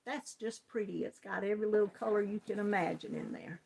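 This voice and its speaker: A woman's voice: mid-range voice, fairly quick, gravelly, a little mellow, slight background noise. A woman with a Southern US accent hosting a casual live crochet chat, greeting viewers by name and laughing often. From Georgia, US. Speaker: crochet channel host.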